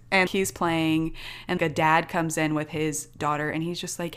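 A young woman telling a personal story in casual chat, animated and laughing often as she talks. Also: on the low side, moderate pace, clear, resonant tone.

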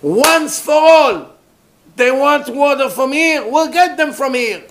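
Guy putting on an old prophet who's had enough, emphatic, voice pushed high. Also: takes it slowly, sharp tone, a little hiss or hum, full character voice. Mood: fed up. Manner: exasperated, emphatic. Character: aged prophet leader, fed up and resolute.

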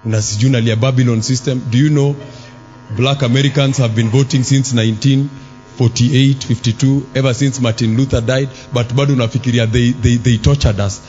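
A man's voice: medium pitch, fairly even intonation, fairly quick, muffled recording. Man preaching in a reverberant hall. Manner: rhetorical questions to the congregation, bursts of shouting. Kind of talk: sermon. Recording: long hall reverb with faint music.

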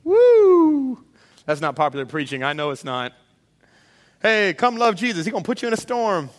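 A man preaching a sermon in a lively way, acting out voices of the people in the story as he goes. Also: on the high side, fairly quick. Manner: animated, acts out voices of disciples and Jesus. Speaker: pastor. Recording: long hall reverb.

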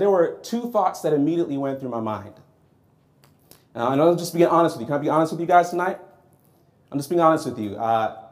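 A man preaching a sermon, telling a personal story in a lively, conversational way and acting out his own reactions. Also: fairly high pitch.

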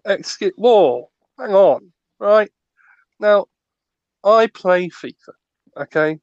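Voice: medium pitch, expressive, takes it slowly, a little mellow, dry recording. A podcast co-host in casual chat, ranting with stammering restarts. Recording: dull lo-fi dry recording.

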